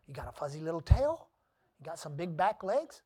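Preacher playing a sly baby snake, low voice, quiet, joke in a sermon. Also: big pitch swings, fairly quick, husky. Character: newborn blind little snake, sly.

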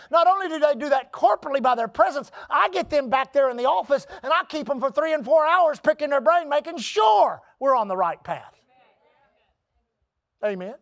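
Pastor, sermon, emphatic, repeats phrases, calls to the congregation. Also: mid-range voice.

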